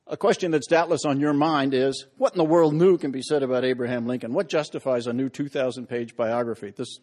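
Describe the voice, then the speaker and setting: A man giving a humorous public lecture as a historian, telling anecdotes with self-deprecating humor and acting out the voices in his stories. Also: medium pitch. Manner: acts out quoted voices loudly.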